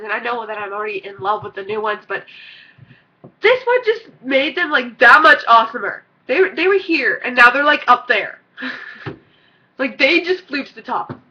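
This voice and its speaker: Squealing excitable teen girl vlogger. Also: a little high. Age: teens. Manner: excitable, rambling, squealing fan. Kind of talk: gushing casual vlog. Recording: dull lo-fi recording.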